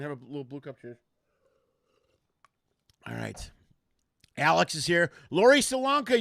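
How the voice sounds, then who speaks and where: A man with a bright, forceful voice hosts a casual comedy podcast, rambling through anecdotes and throwing himself into the quotes. His pitch sits a touch high for a man, and the sound is dry and close. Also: dry recording. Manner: rambling storyteller, animated, acts out quotes. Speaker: host.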